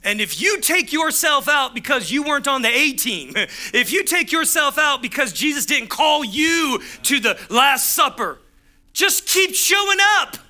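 A man's voice: very high voice, animated, normal speed, hardly any pauses, sharp tone. A man preaching a sermon as pastor, driving home points with punchy repeated phrases and acting out the voices in his stories.

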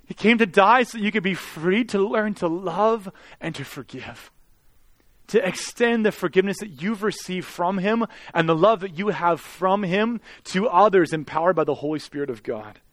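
A man's voice: sits high, moderate pace, no echo. Earnest man preaching with a dry sound. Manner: earnest preaching, swelling loud then dropping to soft, intimate tones. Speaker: pastor. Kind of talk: sermon.

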